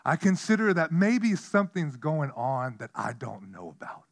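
A man preaching a sermon as pastor, telling stories with animation, dropping to a hush and then rising loud. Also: on the high side, moderate pace. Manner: animated storytelling, swinging from hushed to loud.

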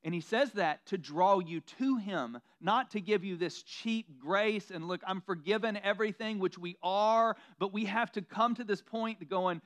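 A pastor preaching a sermon in a conversational, self-deprecating way, slipping into mocking quoted asides. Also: male voice, high voice, a little slow, hardly any pauses, fairly bright tone.

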